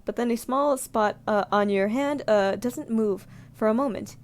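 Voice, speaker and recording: A young woman streamer reading a visual novel aloud, giggling and reacting with animated outbursts. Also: a little high, a little slow. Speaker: gaming streamer.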